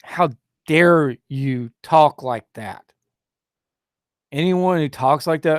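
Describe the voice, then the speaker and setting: A man's voice: fairly high pitch, slow, long pauses, dry recording, clean studio sound. A man hosting a solo talk show, rambling and indignant, with many fillers and restarts, who mocks opposing views in a raised, sneering voice.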